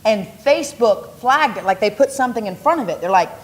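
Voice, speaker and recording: A woman's voice: a little high, expressive, brisk. A woman co-hosting a local TV talk show, playful and chatty, jumping from topic to topic in easy banter. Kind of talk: casual chat.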